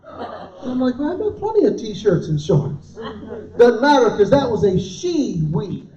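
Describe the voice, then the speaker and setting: A man's voice: very high voice, measured pace. A man in his fifties doing stand-up comedy at a church event, telling stories and acting out the people in them. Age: 50s. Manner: animated storytelling, acting out quoted dialogue. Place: large hall before a live audience. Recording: roomy, distant, dull hall recording.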